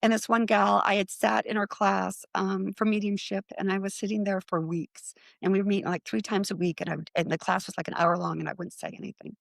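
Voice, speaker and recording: A middle-aged woman tells her story as a podcast guest, slipping into other people's voices as she quotes them. Her voice carries a gravelly fry, and it sounds close and dry with no room around it. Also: mid-range voice, brisk, few pauses, no echo. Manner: animated anecdote-telling with acted-out quotes. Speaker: guest, psychic medium.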